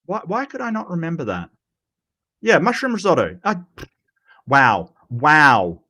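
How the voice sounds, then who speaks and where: Animated man hosting a stream. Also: fairly high pitch, a little slow. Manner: animated, self-mocking, stumbling over words. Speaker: host. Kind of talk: casual livestream commentary.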